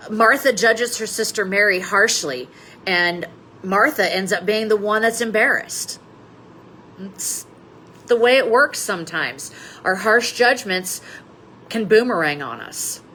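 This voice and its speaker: Woman pastor teaching a lent lesson, mid pitch, little bit of hiss behind her. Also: unhurried, bright, forceful tone, poor audio. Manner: storytelling with dramatic emphasis. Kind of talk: Lenten Bible study lesson.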